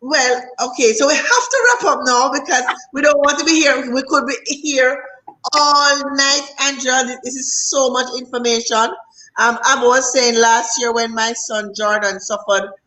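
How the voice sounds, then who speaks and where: A woman host with a fairly high voice, chatting casually on a live stream. She reads viewer questions aloud and trips over a word now and then. Her delivery is relaxed and conversational. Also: normal speed, rough recording. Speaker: show host. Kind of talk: casual live show hosting.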